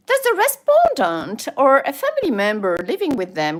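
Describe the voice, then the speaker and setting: A woman's voice: high-pitched, huge pitch swings, unhurried. A woman with a French accent chatting casually on a livestream, reading a form aloud with playful asides and frequent laughter. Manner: reads forms aloud with playful asides, slips into French interjections, laughs often. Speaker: YouTuber.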